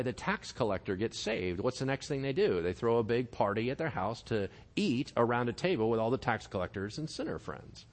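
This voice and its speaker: Animated preacher man, lively pitch. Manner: animated, conversational preaching with acted-out dialogue. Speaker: pastor. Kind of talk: sermon.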